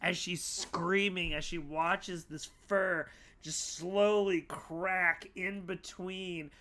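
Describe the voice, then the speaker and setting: A man narrating a tabletop game as game master, in animated, drawn-out storytelling. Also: sits high.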